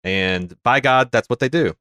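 A man's voice: medium pitch, normal speed, bright, forceful tone, clean tone, no echo, studio quality. A man from North America co-hosting a casual movie chat, wry and rambling, full of fillers and restarts. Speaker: podcast co-host.

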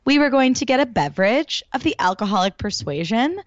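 A woman's voice: fairly high pitch, sing-song, fairly quick, dry recording, lo-fi sound. A young woman co-hosting a podcast, telling stories in a blunt, profane way. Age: young adult. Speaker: podcast co-host. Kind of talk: casual chat about reality TV.

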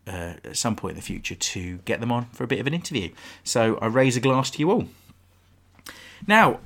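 A man hosting a sports podcast in a casual, joking, chatty way. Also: fairly low pitch. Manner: chatty, jokey, thanks guests. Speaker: podcast host.

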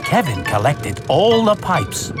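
A woman reading a children's storybook aloud in an expressive, animated way. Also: low-pitched, takes it slowly, music in the background.

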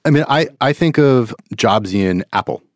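A man's voice: medium pitch, animated, moderate pace, no echo, clean studio sound. A man, a trade journalist guest, talking in a hesitant, self-deprecating way in a casual business chat.

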